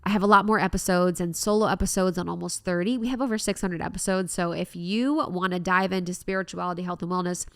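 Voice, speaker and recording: A woman's voice: fairly low pitch, steady tone, fast, hardly any pauses, dry recording, studio quality. A young woman hosting a solo self-help podcast, talking in an earnest, reflective way. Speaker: podcast host.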